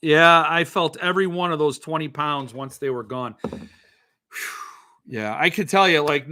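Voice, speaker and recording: Rambling and self-deprecating, this middle-aged man jokes around in a casual chat on the podcast he hosts. His voice runs on the high side with a fairly bright tone.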